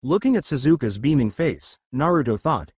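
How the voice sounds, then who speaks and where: A man's voice: medium pitch, big pitch swings, moderate pace, a little mellow, husky, no room sound, studio quality. A man reading fan fiction aloud as narrator.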